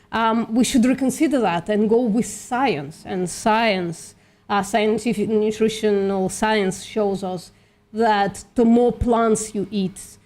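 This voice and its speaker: A woman's voice: mid-range voice, a little mellow. A woman hosting a livestream who is losing her voice a little, reasoning aloud with many fillers in a casual voice-chat debate. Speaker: livestream host doing outreach calls.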